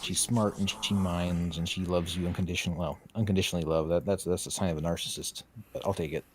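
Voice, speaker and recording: A man's voice: low-pitched, steady tone, fast talker. A man co-hosting a game stream, talking casually in a blunt, joking way with stumbling restarts. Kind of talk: casual chat. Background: video game music.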